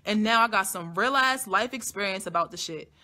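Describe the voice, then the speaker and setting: A woman hosting a live stream, telling a long personal story in a casual, blunt and heavily profane way, swinging between soft asides and loud emphatic bursts. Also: mid-range voice, a little fast.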